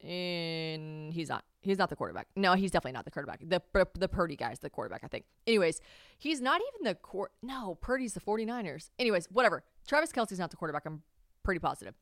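A woman's voice: fairly low pitch, sing-song, fast talker, no room sound, studio quality. A young woman hosting a podcast, chatting casually and animatedly, swearing freely. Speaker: podcast host. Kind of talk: casual chat.

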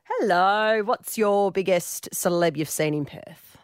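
A woman's voice: mid-range voice, slow, clean tone, no echo, clean studio sound. An Australian woman co-hosting a radio show, upbeat and teasing. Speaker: radio host. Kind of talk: casual radio chat.

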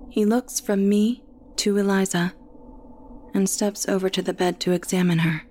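A woman reading a horror story aloud as the narrator, in a slow, hushed storytelling manner. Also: mid-range voice, fairly even intonation, slight background noise.

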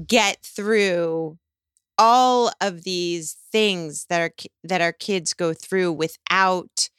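A middle-aged woman co-hosting a podcast, chatting in an emphatic, animated, self-mocking way. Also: mid-range voice, clean tone, no room sound, clean studio sound. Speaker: podcast co-host. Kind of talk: casual chat.

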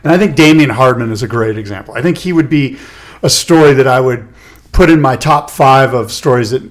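A man's voice: medium pitch, fairly quick. A man co-hosting a casual podcast chat, rambling and correcting himself as he asks probing questions. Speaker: podcast co-host.

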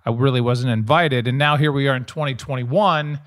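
A man's voice: mid-range voice, moderate pace, a bit bright. A man co-hosting a podcast, chatting in an earnest, supportive and playful way. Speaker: podcast co-host. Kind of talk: casual podcast chat.

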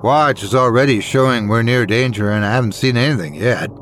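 A man's voice: medium pitch, brisk, fairly bright tone, slight background noise, close to an everyday voice. A man voicing a nervous young male diver who snaps and panics. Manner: panicky, snappish.

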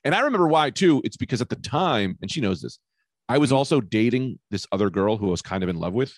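Loud, animated man telling stories. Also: mid-range voice, fast talker, no echo. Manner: loud, animated storyteller, swears freely. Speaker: podcast guest, comedian. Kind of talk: casual chat.

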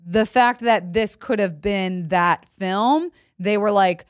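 A woman's voice: mid-range voice, slow, no echo, clean studio sound. A woman co-hosting a podcast, talking emphatically and swearing freely as she argues about a film. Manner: emphatic, swearing, acts out quotes. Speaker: podcast co-host. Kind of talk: casual film chat.

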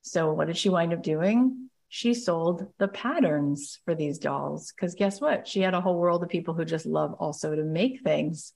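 A lower-voiced American woman in middle age fires off motivational advice with excitable, emphatic energy. She drops into little quoted exchanges and keeps a lively, urgent push behind every point. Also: normal speed, vocal fry, hardly any pauses. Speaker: podcast host and business coach. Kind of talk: energetic motivational live talk.

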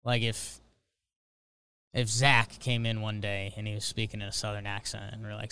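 A man's voice: lowish voice, level tone, fairly quick, sharp tone. A man co-hosting a podcast in a laid-back way, chiming in with short agreements and quips. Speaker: podcast co-host. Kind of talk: casual chat.

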